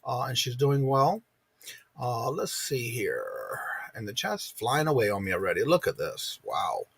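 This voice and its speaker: A man's voice: medium pitch, sing-song, a little slow, fairly bright tone, slightly rough. A man hosting a live morning stream. He chats casually and greets his viewers one by one by name.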